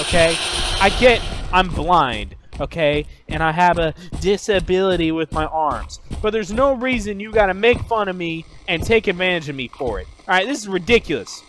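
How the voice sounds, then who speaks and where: A man trash-talking other players in game voice chat, loud and profane, yelling taunts. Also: high-pitched, slight background noise. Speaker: gamer streamer.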